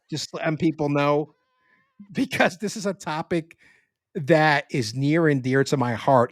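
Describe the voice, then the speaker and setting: A man co-hosting a casual sports podcast with a New York accent, talking in an animated way with frequent swearing and restarts. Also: medium pitch, no room sound, studio quality. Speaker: podcast co-host.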